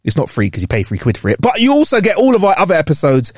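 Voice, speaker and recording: A man's voice: a little high, huge pitch swings, rapid-fire, a little mellow, husky, no echo, studio quality. A man co-hosting a podcast in laid-back, joking casual chat. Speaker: podcast co-host.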